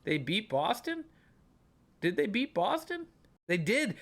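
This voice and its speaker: Excitable young man commenting his game. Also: high-pitched, normal speed. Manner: chatty, thinks aloud, excitable outbursts. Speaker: gaming channel host. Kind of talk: gameplay commentary.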